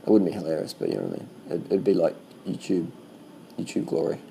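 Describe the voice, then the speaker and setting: A man casually commenting on bike race footage as a vlogger, swearing freely and talking in loose animated bursts. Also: low voice, fast talker, vocal fry, slight background noise, rough recording.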